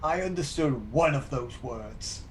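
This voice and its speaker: A man's voice: medium pitch, animated, a little slow, slight background noise. A man chatting casually as a player at a tabletop game, wry and joking.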